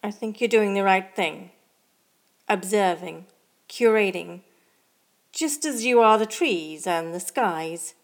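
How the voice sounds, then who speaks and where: A woman voicing a grave female starship captain who speaks quietly. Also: mid-range voice, slow pace, pauses often.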